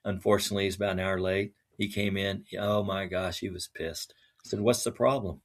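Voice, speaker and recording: Lively low-voiced man telling stories. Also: a little fast. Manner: animated, acts out other people's lines in changed voices. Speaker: podcast guest. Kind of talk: conversational storytelling.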